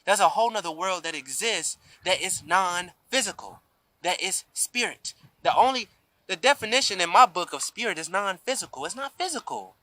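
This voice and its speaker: A man's voice: sits high, animated, normal speed, bright, forceful tone, low-quality recording. A man giving an emphatic spiritual talk to a camera outdoors, often asking "you see?". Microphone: camera mic.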